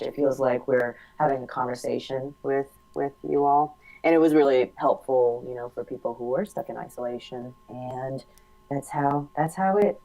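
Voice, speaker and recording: Woman, low voice, slightly hollow timbre, animated casual chat, big laugh. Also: low-quality recording. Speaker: podcast co-host. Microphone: studio mic.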